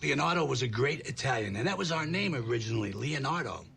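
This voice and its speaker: A proud, indignant Italian-American teacher. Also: male voice, mid-range voice, lively intonation, quick pace, creaky, bright, forceful tone, slight background noise. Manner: indignant, quizzing a class. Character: proud, touchy Italian-American male schoolteacher.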